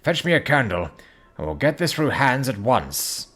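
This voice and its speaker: A man voicing an anxious, loyal older male butler who speaks in an urgent, hushed and fearful way. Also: mid-range voice, big pitch swings, moderate pace, slightly rough.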